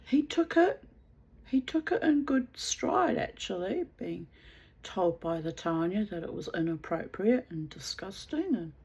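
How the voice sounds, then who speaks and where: A woman's voice: medium pitch, breathy edge, poor audio. A woman telling a personal story in a blunt, casual way, swearing freely and laughing at herself.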